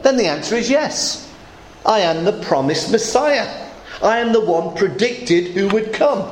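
Preacher doing a calm prophet making firm declarations, with lively pitch. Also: male voice, echoey room, slight background noise, poor audio.

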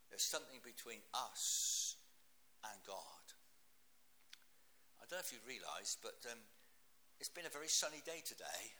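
Bright-voiced male preacher. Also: mid-range voice. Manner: earnest, rises to emphatic scripture readings. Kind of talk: sermon.

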